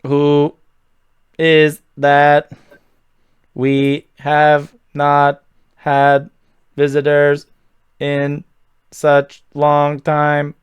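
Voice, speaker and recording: A man voicing a robot-like voice coming through a drone's speaker, slow and halting. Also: on the high side, monotone, clean tone, no echo, lo-fi sound. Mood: stern. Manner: slow, stiff, halting speech.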